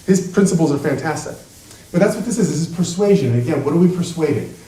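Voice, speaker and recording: A man who is a trial lawyer, giving an emphatic talk to an audience in a large room, heard from a distant mic. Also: on the high side. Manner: emphatic and animated, with quick bursts. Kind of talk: presentation to an audience. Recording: echoey room, voice from far off.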